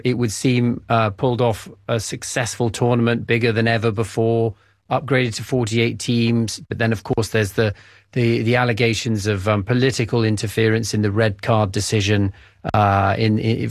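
A man's voice: on the low side, flat delivery, normal speed, no room sound, clean studio sound. A man hosting a news program, introducing a guest and asking questions with some hesitant fillers. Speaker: host. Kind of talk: news podcast presenting.

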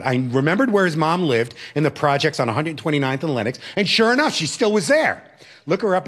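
A man telling a personal story with lots of expression, his pitch swinging widely as he goes. His voice sits a little above the usual range for a man. The telling is animated and vivid. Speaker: former teacher and religious brother.

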